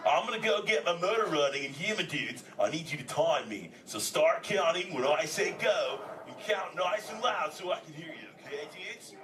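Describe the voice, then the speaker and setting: A man doing a mellow surfer-dude sea turtle. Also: on the high side, lively intonation, normal speed, hardly any pauses, far from the mic, lightly acted. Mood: laid-back, goofy. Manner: surfer slang, says "dude" constantly. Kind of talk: live interactive theme park show. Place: indoor theater with audience. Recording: echoey theater taped from the audience, crowd noise.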